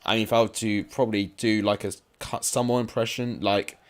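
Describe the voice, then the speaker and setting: A man's voice: lowish voice, level tone, a little fast. A man giving casual live-stream commentary on simulated football matches, chatty and rambling, with asides to his viewers.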